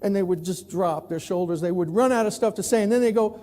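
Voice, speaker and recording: New york guy in his 60s telling stories on stage, high mellow voice, big echoey hall. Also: fast talker. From New York City. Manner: animated, acts out other people's voices. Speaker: keynote speaker, newspaper columnist. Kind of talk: storytelling conference talk. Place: large conference hall. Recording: echoey hall with long reverb.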